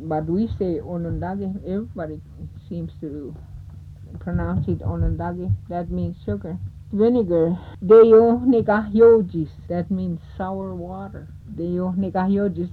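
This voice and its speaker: A woman teaching words of a language, saying each one slowly and more than once, then explaining what it means. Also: fairly low pitch. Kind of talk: teaching vocabulary, slow repeated words. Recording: tinny phone-like lo-fi recording with hiss.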